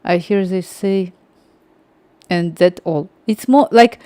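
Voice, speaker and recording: A woman's voice: fairly low pitch, slow, warm tone, no room sound. A young woman from Ukraine, chatting casually on a livestream in a rambling way and talking straight to her viewers.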